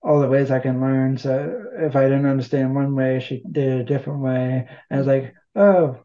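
A man's voice: medium pitch, flat delivery, normal speed, highs cut off. A man talking casually as an interview guest, rambling and poking fun at himself. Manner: rambling, self-deprecating humor. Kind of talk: casual conversation.

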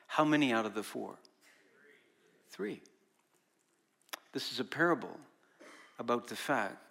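A man's voice: mid-range voice, fairly bright tone. A man preaching a sermon as a pastor, talking conversationally and quizzing his congregation. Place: church service.

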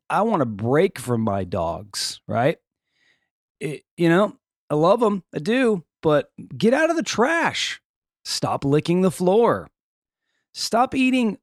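A man's voice: medium pitch, darkish tone, no room sound, clean studio sound. A man hosting a podcast, reading odd news stories and adding joking, off-the-cuff asides. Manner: reads odd news items then riffs jokingly. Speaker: podcast host. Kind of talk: casual news commentary.

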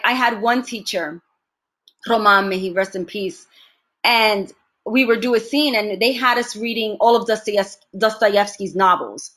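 A woman actress being interviewed, telling stories in an animated way and laughing often. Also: mid-range voice. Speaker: actress, guest. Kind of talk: casual interview conversation.

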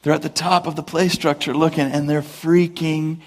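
A pastor preaching a sermon in a conversational, storytelling way, with many asides, and rising high and loud for emphasis. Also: male voice, little pitch movement, moderate pace.

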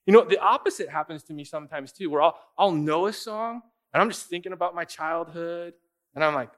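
Animated man preaching a casual sermon. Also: a little high, fairly quick. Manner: conversational, acts out quoted voices, emphatic. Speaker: pastor.

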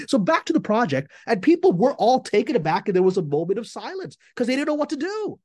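Fast, animated man talking shop. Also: high-pitched, breathy edge, dry recording, clean studio sound. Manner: animated and emphatic, quick restarts. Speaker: screenwriter guest. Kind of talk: conversational interview.

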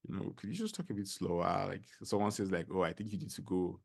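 A middle-aged man with a Nigerian accent, a podcast guest telling stories in a casual interview, animated and full of fillers. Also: low-pitched, quick pace, vocal fry, slightly rough. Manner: animated storyteller, many fillers.

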